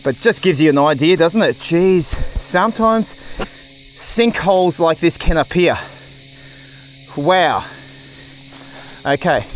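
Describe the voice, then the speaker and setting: An Australian man with a fairly high voice talks as he rides a rough bush trail, throwing out exclamations and chatting to himself and his viewers. Outdoor noise from the ride sits clearly under his voice, and the sound comes from a camera mic. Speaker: cycling vlogger. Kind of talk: casual narration while riding.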